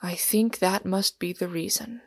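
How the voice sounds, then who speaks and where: A woman voicing a solemn, weary male pilgrim in an audiobook reading, speaking gravely and often half-whispering. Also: fairly low pitch, fairly even intonation, a little slow, darkish tone, no room sound. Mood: hushed, earnest.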